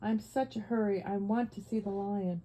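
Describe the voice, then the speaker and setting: A woman's voice: medium pitch, fairly even intonation, moderate pace, mellow, lightly acted, low-quality recording. A woman voicing an earnest, anxious young boy who speaks urgently and breathlessly.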